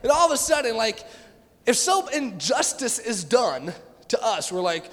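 A youth pastor preaching a sermon in an animated way, acting out the voices of people he quotes. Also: very high-pitched, moderate pace, in a large hall.

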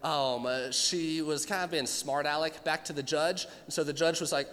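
A young male pastor delivers a sermon in a relaxed, storytelling manner, slipping into quick voiced impressions of the people in his anecdotes. His voice sits high for a man. The sound carries a long reverb from a large hall. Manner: casual storytelling with playful voiced asides.

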